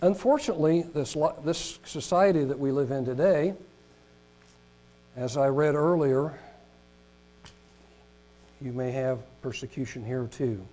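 A man preaching a sermon who reads long lists aloud, stumbling over pronunciations and rising to loud emphatic peaks before dropping low and quiet. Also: unhurried, long pauses, poor audio. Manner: rises in pitch and volume on emphatic points, drops low and soft on solemn ones. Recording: mains hum in background.

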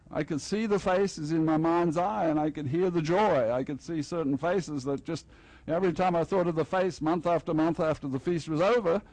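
Wearing a headset mic, an older pastor preaches at a festival in a relaxed, joking manner, playing out mini-dialogues with his congregation. His fairly high voice has a darkish tone, and the recording lacks echo but is of poor quality.

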